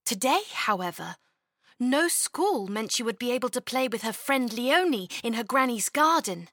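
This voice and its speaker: Expressive woman reading a storybook. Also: a little high, normal speed, no room sound, studio quality. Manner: expressive, lilting. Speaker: narrator. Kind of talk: storybook narration.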